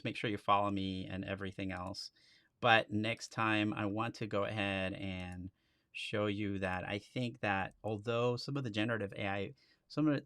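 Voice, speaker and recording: A man hosting a live stream, walking through a software demo in a casual, chatty way with frequent restarts. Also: lowish voice, dry recording.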